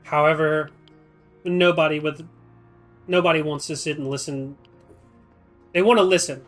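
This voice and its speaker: A man's voice: on the high side, steady tone, normal speed, faint music behind. Chatty man streaming a game. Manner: chatty, rambling, thinks out loud. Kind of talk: casual live-stream commentary.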